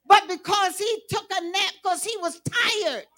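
Woman preacher, very high voice, slow unhurried delivery, sermon. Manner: preaching, rising to shouts.

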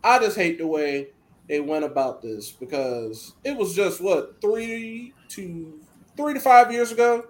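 High-voiced excitable man. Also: measured pace. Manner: animated, acts out quotes, laughs often. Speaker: podcast co-host. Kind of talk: casual wrestling chat.

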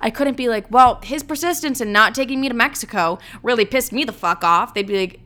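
A woman's voice: mid-range voice, fast talker, hardly any pauses, pushed and bright. Young woman, casual storytime, brash and profane, filler-heavy. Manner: blunt, profane, dramatic, full of "like".

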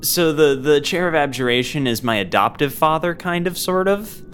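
A man's voice: on the high side, lively intonation, normal speed, a bit bright, slight background noise. A man playing a tabletop game in a casual, wisecracking and rambling way. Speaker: player.

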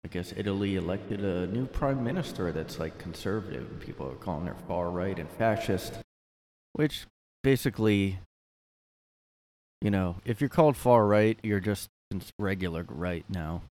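A man's voice: deep voice, lively intonation, normal speed, darkish tone, no room sound. A man hosting a casual solo podcast from his room, rambling with lots of fillers and a sardonic edge. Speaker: podcast host.

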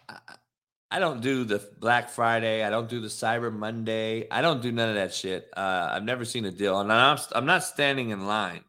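A sports talk show host with a medium-pitched, sharp-toned voice goes on a profane, heated rant during a casual stream. He addresses his viewers directly throughout.

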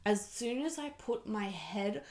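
A woman's voice: mid-range voice, animated, unhurried, darkish tone. A young woman hosting a casual podcast, recounting a trip with friends. She talks loosely, full of likes and ums, swears freely, and laughs easily as she goes. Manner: chatty, swears freely, laughs often, many fillers. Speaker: podcast host. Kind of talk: casual storytelling chat.

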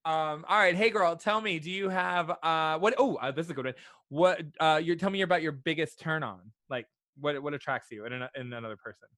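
Man, podcast host, chatty, stammering restarts, bright tone, dry sound. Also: on the high side, brisk, no room sound. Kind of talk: casual interview chat.

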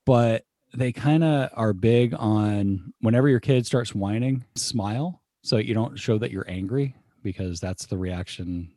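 A man co-hosting a casual podcast, reading a parenting article aloud with relaxed asides. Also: fairly low pitch, unhurried, hardly any pauses, no echo, clean studio sound. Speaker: podcast co-host. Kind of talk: casual chat.

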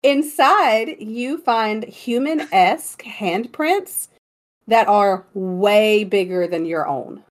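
A woman co-hosting a podcast in casual chat, animated and giggly as she tells a story and directs her partner. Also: mid-range voice, slow. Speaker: podcast co-host.

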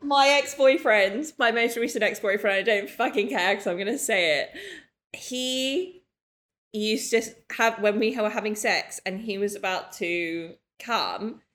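A woman's voice: medium pitch, measured pace, fairly bright tone. A woman co-hosting a podcast in casual chat, blunt and swearing casually. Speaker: podcast co-host.

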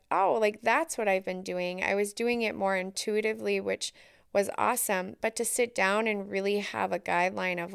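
Woman, solo podcast host, earnest, thinking aloud, gravelly, dry close sound. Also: mid-range voice, no echo.

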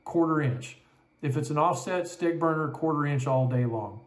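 A man's voice: on the high side, moderate pace. Confident man explaining barbecue in an echoey room. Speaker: barbecue expert answering listener questions. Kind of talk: casual explanation.

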